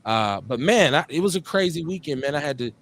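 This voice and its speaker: A man's voice: fairly high pitch, animated, fairly quick, a bit bright, a little hiss or hum. Laid-back slangy Midwestern radio host man. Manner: laid-back, slangy, drawls and repeats phrases. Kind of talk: casual live call-in show chat.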